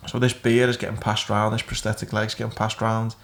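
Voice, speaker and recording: A man's voice: fairly low pitch, level tone, moderate pace, creaky. A man hosting a podcast, telling crude, funny anecdotes in a casual, chatty way. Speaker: podcast host. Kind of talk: casual chat.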